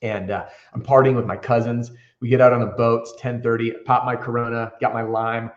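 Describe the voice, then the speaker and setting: A man's voice: mid-range voice, flat delivery, moderate pace, roomy sound, lo-fi sound. A man who trains roofing salespeople tells candid stories with energy in a casual interview, acting out the dialogue he quotes.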